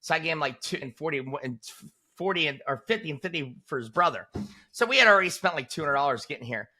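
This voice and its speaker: A man in his forties, a guest in an interview, telling stories in a punchy, animated way and tossing in "boom" for emphasis. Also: quick pace. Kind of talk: casual storytelling in an interview.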